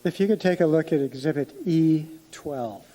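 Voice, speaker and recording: A man with a mellow, darker tone questions a witness at a formal hearing. He works through his points methodically and sometimes halts mid-sentence to rephrase. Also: fairly high pitch, slight background noise, low-quality recording. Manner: methodical questioning, slightly halting. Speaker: attorney. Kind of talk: courtroom examination. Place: hearing room.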